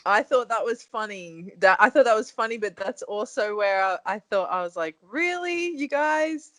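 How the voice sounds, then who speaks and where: A woman's voice: mid-range voice, moderate pace, a bit bright, dry recording. A woman guesting on a podcast in casual chat, playful and laughing often.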